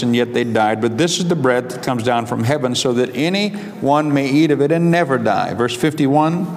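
Slow, emphatic male preacher in a reverberant hall. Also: mid-range voice. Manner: slow, drawn-out emphatic delivery, reading scripture aloud. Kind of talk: sermon. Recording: long hall reverb, faint background noise.

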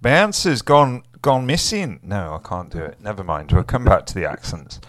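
A low-pitched man chats loosely as a radio host, drifting between jokes and half-finished thoughts. His voice sits deep and the sound is dry and close. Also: very animated, moderate pace, a bit bright, no echo. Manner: rambling, jokey, trails off mid-sentence. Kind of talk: casual radio chat.

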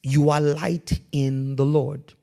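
A male pastor delivering a sermon in a voice that sits a little higher than most men's. He shifts from hushed, deliberate passages to loud, emphatic bursts and keeps prompting the congregation to respond. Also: level tone, gravelly. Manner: emphatic preaching, swings from quiet to loud.

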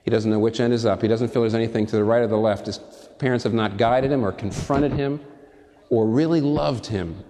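Guy preaching a sermon, fired up, jumps high then drops real low, asks the crowd questions, big echoey hall. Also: fairly even intonation, fairly quick. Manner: impassioned, swinging from high emphatic peaks to soft low asides; addresses listeners directly with rhetorical questions. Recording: long reverb from a large hall.

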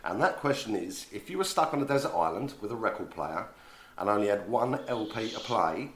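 A man's voice: fairly low pitch, lively intonation, brisk, a bit bright. A man hosting a live radio interview, chatty and upbeat, with many small restarts. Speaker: radio show host.

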